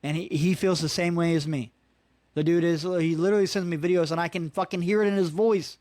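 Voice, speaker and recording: A man's voice: fairly high pitch, fairly even intonation, brisk, a little mellow, dry recording, studio quality. A man in his thirties hosting a solo podcast, ranting in a casual, profane, frustrated way and peppering his talk with "dude" and "man". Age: 30s. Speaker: podcast host.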